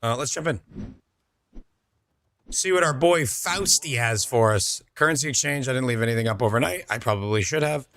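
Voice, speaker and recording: A man's voice: mid-range voice, normal speed, a bit bright, a little hiss or hum. A young man streaming a game, chatting casually with his viewers and answering their messages. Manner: chatty, reads out and answers chat, laid-back. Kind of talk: casual chat with viewers while gaming.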